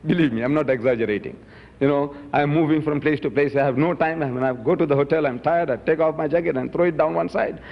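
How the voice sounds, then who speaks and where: A man's voice: fairly high pitch, quick pace, vocal fry. A man giving an emphatic public lecture, firing rhetorical questions at his audience. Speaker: Muslim lecturer. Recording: dull recording in a reverberant hall.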